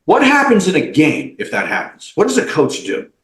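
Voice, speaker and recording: A man's voice: high-pitched, huge pitch swings, normal speed, echoey room, poor audio. A man being interviewed as a company CEO on a podcast, giving emphatic, blunt motivational advice with some swearing. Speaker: guest, mortgage company CEO.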